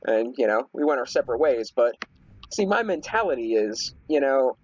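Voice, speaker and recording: A man's voice: medium pitch, big pitch swings, moderate pace, a little mellow, husky, no room sound, lo-fi sound. A young man rambling casually through a story while playing a game, with lots of fillers and restarts. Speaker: gaming video host. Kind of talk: casual storytelling over gameplay.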